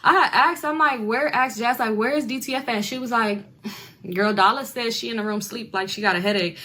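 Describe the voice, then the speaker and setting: A woman's voice: on the high side, fairly quick, bright, forceful tone, a little hiss or hum. A young woman tells a long, chatty storytime full of slang and acted-out quotes from relatives. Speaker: storyteller in a reacted video. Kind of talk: casual storytime.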